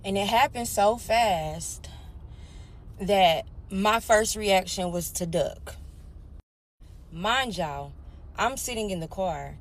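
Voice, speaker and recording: A woman's voice: medium pitch, animated, slow, pauses often, a little hiss or hum. A young adult woman telling a personal story candidly, talking straight to her listeners. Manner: candid, addresses listeners as y'all. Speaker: storyteller sharing her life.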